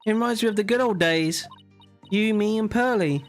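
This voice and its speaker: A man's voice: high voice, normal speed, faint music behind, pitched above the performer's own voice, natural voice. A man reading an earnest young defense lawyer. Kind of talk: reading game dialogue aloud.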